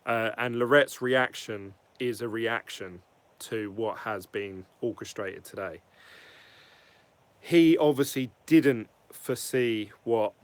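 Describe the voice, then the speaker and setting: A man giving a casual, rambling opinion vlog, blunt and quick to swear. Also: lowish voice. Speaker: crypto vlogger.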